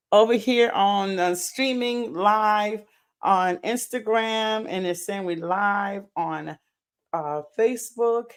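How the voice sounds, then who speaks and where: A woman, the host and founder of a live stream, chats casually in an excited, talkative way, repeating her greetings over and over. She addresses her viewers as "y'all," using Southern US words, and her pitch sits in the middle of the female range.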